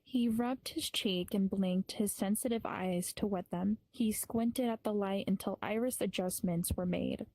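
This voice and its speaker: A woman's voice: mid-range voice, fairly even intonation, measured pace, few pauses, dark tone, dry recording, low-quality recording. A woman improvising spoken story narration, sometimes stumbling over names and restarting words. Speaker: improv performer.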